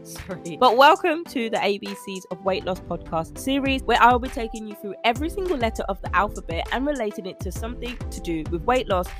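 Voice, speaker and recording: A woman's voice: a little high, lively intonation, a little fast, few pauses, faint music behind. A woman hosting her own nutrition coaching podcast, talking chattily and animatedly to her listeners and laughing often. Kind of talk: casual solo podcast monologue.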